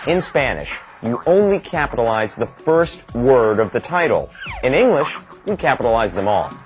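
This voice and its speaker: A man reading scripted instructional narration in a lively, explanatory way. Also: medium pitch, normal speed, soft background music, poor audio.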